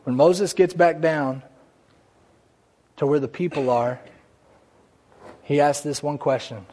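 A man's voice: fairly high pitch, slow, long pauses, dark tone. A man preaching a conversational church sermon, with asides and small jokes along the way. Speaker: pastor. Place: church sanctuary.

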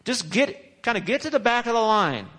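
Preacher guy playing annoyed dudes in a crowd, high and brash, telling someone to chill. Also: sing-song, normal speed, fairly bright tone, exaggerated voice. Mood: dismissive. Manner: casual, dismissive, brash.

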